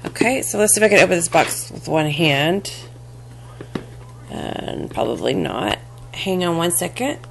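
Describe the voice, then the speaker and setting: A woman with a fairly low voice walks through a homemade craft project for the camera. She talks casually and haltingly, full of ums, restarts and little apologies as she handles her pieces. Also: animated, vocal fry, noisy background. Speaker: crafting vlogger. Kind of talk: casual show-and-tell craft demo.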